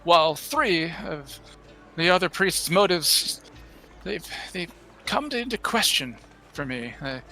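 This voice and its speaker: A man doing a kindly old priest, high and bright. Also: animated, soft background music, exaggerated voice. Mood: weary, grave. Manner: halting, many restarts and sighs. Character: elderly male temple priest, gentle, worried. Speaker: game master. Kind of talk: in-character tabletop roleplay.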